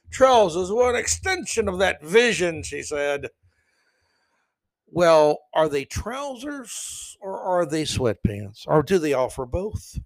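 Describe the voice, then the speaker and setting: Guy doing a snarky solo podcast, kinda high voice, dead dry sound, mocks everything he reads. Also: no room sound. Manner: mocking, sarcastic asides, snorting laughs. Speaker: podcast host. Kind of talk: sarcastic solo commentary reading news.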